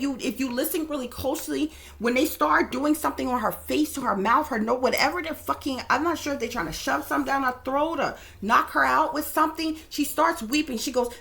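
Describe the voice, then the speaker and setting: A woman's voice: high voice, gravelly, a bit bright. A woman psychic reader giving casual, blunt, profane commentary straight to her viewers.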